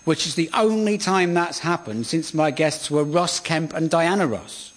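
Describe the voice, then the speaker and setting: A man hosting a scripted comedy radio show in a deadpan, sardonic manner, in front of a live audience. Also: fairly high pitch, measured pace. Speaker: host. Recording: live audience laughter and studio noise.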